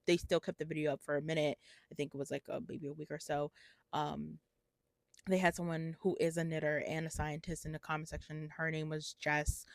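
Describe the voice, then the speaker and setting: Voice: mid-range voice, no echo. A host giving casual solo commentary on internet news, talking conversationally with many fillers, hedges and tag questions. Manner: hedges with "I believe" and "like".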